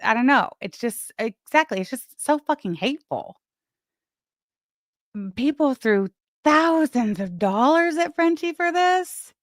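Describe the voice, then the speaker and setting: A woman's voice: high voice, expressive, measured pace, dry recording, clean studio sound. A woman co-hosting a live stream, talking casually in a blunt, profane and scornful way. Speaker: co-host of a live commentary stream.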